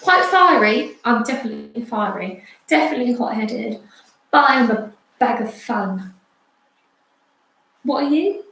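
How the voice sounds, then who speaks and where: A playful woman co-hosts a casual livestream, teasing her partner and reading out viewer comments. Her voice is slightly high and carries a very echoey room. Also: lively intonation, a little slow, creaky, long pauses, a bit bright. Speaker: co-host of a livestream.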